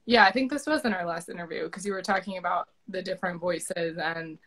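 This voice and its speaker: A woman's voice: fairly low pitch, brisk, a bit bright, low-quality recording. A woman author interviewing her narrator in casual chat, effusive and gushing, with many fillers and restarts.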